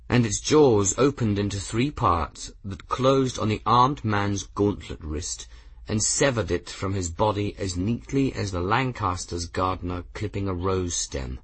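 Man, audiobook narration, low husky voice, lively intonation, dry recording. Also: no room sound. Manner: expressive, voicing characters. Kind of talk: scripted narration.

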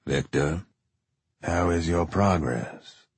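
Guy reading as a cold southern boss on the phone, low flat husky voice, slow and quiet, no sarcasm at all. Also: no echo, heavily acted. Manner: flat, matter-of-fact pronouncements, never sarcastic. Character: cold, unbending male government handler on the phone. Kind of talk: audiobook character voice.

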